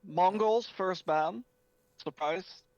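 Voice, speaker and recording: A man's voice: high-pitched, takes it slowly, a little mellow, no room sound. A man casting an esports match in a chatty, casual way, reading out viewer chat, heard over an online voice call. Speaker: esports caster. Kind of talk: casual game commentary. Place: home setup on an online voice call. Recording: dull, dry voice-chat audio.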